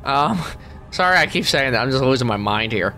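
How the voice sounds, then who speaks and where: A man's voice: medium pitch, normal speed, soft background music. A man voicing a grumpy, weary middle-aged male squid, grumbling sarcastic commentary while playing a game. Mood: bewildered. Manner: sarcastic, grumbling, deadpan asides. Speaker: let's play gamer. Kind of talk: character let's play commentary.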